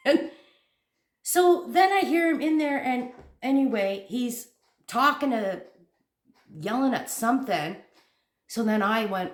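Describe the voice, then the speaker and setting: A woman hosting a crochet channel, telling a story to camera in a casual, animated and jumpy way, laughing at herself. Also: a little high, unhurried. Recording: echoey room.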